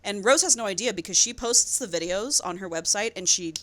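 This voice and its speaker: A woman's voice: medium pitch, brisk. Chatty young woman recapping a story. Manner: animated storyteller, acts out characters' lines. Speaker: podcast co-host. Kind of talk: casual chat recapping a book.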